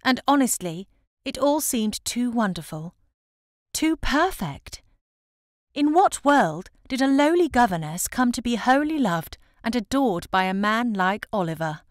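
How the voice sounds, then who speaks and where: A woman narrating a novel in the first person as an audiobook, with expressive, measured storytelling. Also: fairly high pitch, dry recording, clean studio sound.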